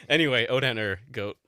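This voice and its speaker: Enthusiastic man with a bright voice. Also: medium pitch, no room sound, studio quality. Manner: enthusiastic, laughs often, acts out quotes. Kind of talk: casual roundtable chat.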